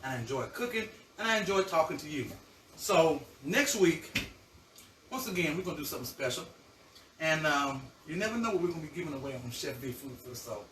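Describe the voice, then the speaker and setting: A man hosting a live cooking show, chatting warmly to viewers and savoring his food aloud in a kitchen. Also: a little high, expressive, brisk, roomy sound, distant mic, slight background noise, poor audio. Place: home kitchen.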